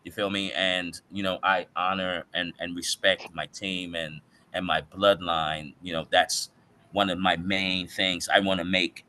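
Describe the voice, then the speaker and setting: A man in casual podcast talk, an animated storyteller who uses slang and acts out other people's voices. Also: low voice, a little slow, slight background noise. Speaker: podcast guest. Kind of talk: casual chat.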